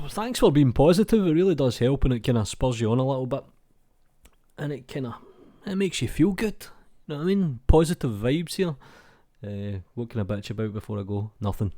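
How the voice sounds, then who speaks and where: A man's voice: medium pitch, lively intonation, moderate pace, warm tone. A British man hosting his channel, reading out viewer comments in a laid-back, chatty way, swearing freely and calling people mate. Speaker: YouTube channel host.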